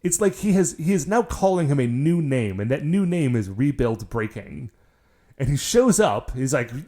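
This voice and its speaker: Wry, lively man on a podcast. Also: medium pitch, normal speed. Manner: wry, sarcastic commentary. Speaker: podcast co-host. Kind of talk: casual episode recap chat.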